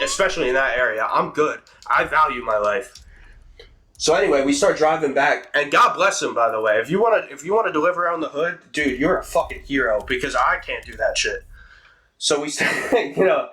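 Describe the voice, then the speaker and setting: Young guy, casual storytime, animated and profane, crisp bright voice. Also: mid-range voice, slight background noise. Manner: fast, animated, swearing, acts out quotes. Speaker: streamer telling a story.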